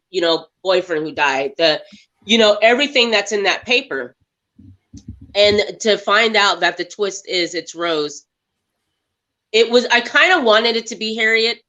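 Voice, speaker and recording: A woman guest on a movie review podcast, retelling funny scenes in an animated way and acting out the lines. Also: mid-range voice. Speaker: guest actress. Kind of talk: casual movie review chat.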